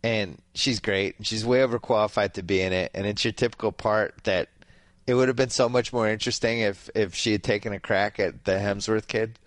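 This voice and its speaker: A man hosting a podcast in casual chat, offhand and wry, talking in quick bursts. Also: on the low side, steady tone, dry recording. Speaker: podcast host.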